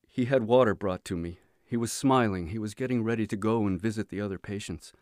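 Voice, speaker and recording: A man with a lowish voice reads a book aloud in a measured, earnest way. The recording is dry and close, with no room sound. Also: a little mellow, dry recording. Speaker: teacher reading to students. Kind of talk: audiobook reading.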